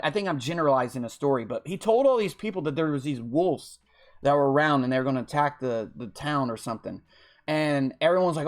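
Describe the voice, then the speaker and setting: A man with a fairly high-pitched voice talks off the cuff as a game league's commissioner. He lectures his members bluntly and swears freely. He keeps checking in with "okay?" to press each point. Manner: repeats "okay?" to drive points home. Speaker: online football video game league commissioner. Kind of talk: casual unscripted monologue.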